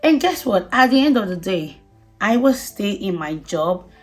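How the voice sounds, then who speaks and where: A woman's voice: mid-range voice, sing-song, moderate pace, faint music behind. A woman giving casual advice to viewers, chatty and emphatic, often repeating herself and laughing. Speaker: vlogger.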